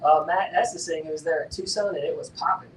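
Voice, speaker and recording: A man's voice: fairly even intonation, fast talker. A man co-hosting a live stream, reading out viewer questions with hesitant fillers. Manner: reads chat messages aloud, hesitant with fillers. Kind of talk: casual live-stream chat. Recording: roomy, distant mic with faint rumble.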